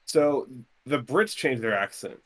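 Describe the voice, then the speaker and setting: A man in casual chat who swears freely and explains things at length in animated bursts. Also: medium pitch, unhurried.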